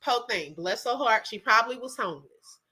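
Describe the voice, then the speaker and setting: A woman chats with her viewers as she tells a story, her voice high and sweeping up and down. She sounds bright and animated, breaking into laughs easily. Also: fairly quick, breathy edge. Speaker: livestream host chatting with viewers. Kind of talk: casual storytelling chat.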